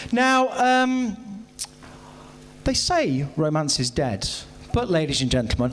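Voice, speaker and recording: A man in his thirties performing a self-mocking stand-up set, talking straight to the audience on a live stage. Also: high voice. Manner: self-mocking, chatty, addresses audience directly. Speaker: stand-up comedian. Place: live stage at a charity comedy event.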